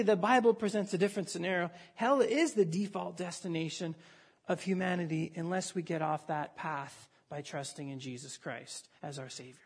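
A pastor with a fairly high, husky voice preaches a sermon in a conversational, animated way. He often restarts mid-sentence as he works through the passage.

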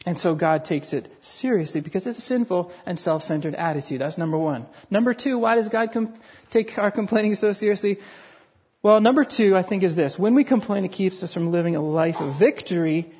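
A man's voice: sits high, normal speed, a little mellow, husky. A man preaching a sermon in an earnest way, often repeating words for emphasis. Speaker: pastor.

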